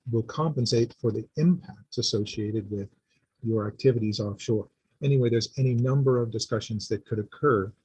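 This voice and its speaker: A man making a public comment at a community board meeting, earnest and halting, with many restarts. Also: lowish voice, darkish tone, breathy edge, low-quality recording.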